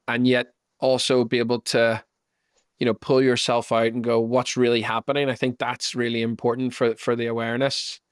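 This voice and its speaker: Flat-voiced man thinking aloud. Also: medium pitch, no room sound, clean studio sound. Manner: searching, thinks aloud while framing a question. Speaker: podcast host. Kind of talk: reflective conversational response.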